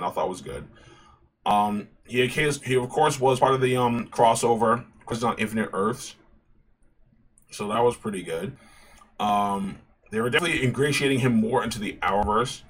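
A man hosts his own YouTube channel, offering casual opinion commentary on superhero films with passion and animation, often restarting and repeating phrases. His voice is medium-pitched and husky.

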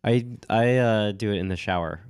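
A man co-hosting a podcast with a cold, telling stories in a relaxed chatty way with lots of "like" and small laughs. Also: lowish voice, normal speed, clear, resonant tone, dry recording, clean studio sound. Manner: relaxed storytelling with frequent "like" and laughs. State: has a cold. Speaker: podcast co-host. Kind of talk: casual chat.

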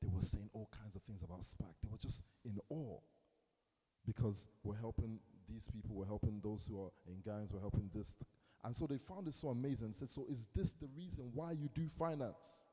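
A young man preaches from the pulpit, his voice dark and mellow as he drops into hushed asides and then breaks into loud bursts. He tells his story with quoted lines, and a long hall reverb trails every word. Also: lowish voice, fairly quick, husky. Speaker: pastor. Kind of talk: sermon.

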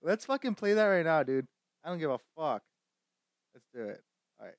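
A young man hosting a casual stream, talking loudly, swearing constantly and laughing often. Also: a little high, sing-song, moderate pace, dry recording, clean studio sound. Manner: loud, swearing, laughing often, mocking voices. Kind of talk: profane casual chat.

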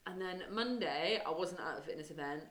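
Chatty young woman, lowish voice, echoey room. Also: a little fast, a bit bright. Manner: chatty, rambling storyteller, says mate a lot. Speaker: podcast co-host. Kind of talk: casual chat.

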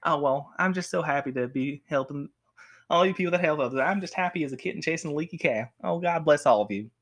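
A man's voice: on the high side, fast. A man voicing an overjoyed young boy with a Southern accent, gushing in a folksy way.

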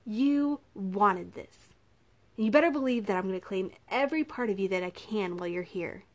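A woman's voice: mid-range voice, normal speed, natural voice. A woman voicing a cruel, mocking male captor in a storybook reading, taunting and menacing.

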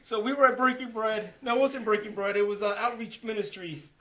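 Before a church group, a man shares an emotional personal testimony, earnest and full of restarts, acting out what he and others said as the story unfolds. His high-pitched voice keeps a steady tone and a sharp edge, and he speaks briskly.

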